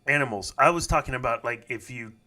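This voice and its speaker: A man co-hosting a casual live-stream chat, excitable and chatty. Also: medium pitch, quick pace. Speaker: co-host.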